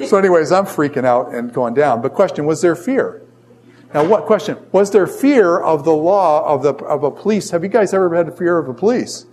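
A middle-aged man, a college professor, telling a personal story in a classroom lecture, rambling and animated with lots of fillers. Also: fairly high pitch, normal speed.

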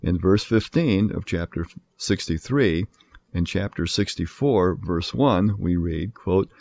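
A man teaching a Bible lesson in a measured lecture style, marking each citation with "quote" and "end quote". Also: low voice, expressive, gravelly, a little mellow. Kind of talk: lecture on scripture.

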